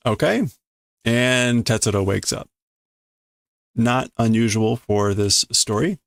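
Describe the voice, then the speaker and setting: A man's voice: medium pitch, slow pace, vocal fry, no echo, clean studio sound. A man casually reading a manga aloud on a live stream, sounding out Japanese lines and translating them with amused chuckles.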